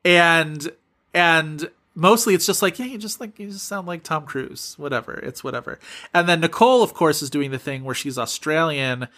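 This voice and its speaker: Bright-voiced man chatting casually. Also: on the high side, moderate pace. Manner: rambling, lots of fillers and restarts. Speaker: podcast co-host. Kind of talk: casual chat.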